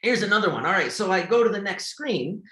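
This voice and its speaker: Man, fairly high voice, halting tutorial presenter who stumbles and restarts; echoey room. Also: animated, bright, forceful tone. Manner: halting, repeats words and restarts often. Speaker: accessibility tester and presenter. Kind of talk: screen-share tutorial walkthrough.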